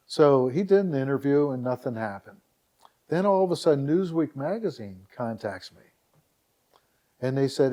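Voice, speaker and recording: A man's voice: medium pitch, moderate pace. A middle-aged man from Northeast Ohio, a podcast guest telling a story in casual chat and acting out the dialogue. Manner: lively anecdotal, acts out dialogue with "I go, he goes".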